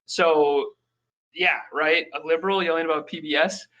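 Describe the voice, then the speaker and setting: A man from Minnesota, a podcast guest, telling animated stories in casual talk and acting out the people he met. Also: fairly high pitch, normal speed, muffled recording. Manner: animated storyteller, acts out quoted people. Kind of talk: casual storytelling.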